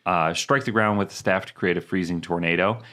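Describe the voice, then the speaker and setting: A man's voice: sits low, brisk, pushed and bright. A man co-hosting a casual gaming podcast, reading item descriptions aloud with plenty of fillers and chuckles. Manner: reads item text with fillers and laughs. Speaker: podcast co-host.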